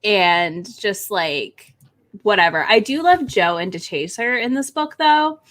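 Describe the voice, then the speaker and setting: A woman hosting a casual chat about romance books, excitable and swearing freely as she acts out characters' lines. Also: mid-range voice, unhurried. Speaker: book channel host.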